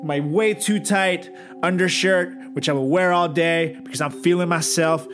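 A man's voice: a little high, steady tone, normal speed, over music. A man co-hosting a podcast who is not a native English speaker, joking in rambling, self-mocking casual banter. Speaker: podcast co-host.

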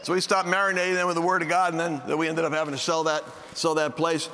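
Animated male preacher, bright voice, reverberant hall. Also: fast. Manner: animated, acts out dialogue with sudden high-pitched outbursts. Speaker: preacher telling a personal story. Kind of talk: anecdotal sermon storytelling.

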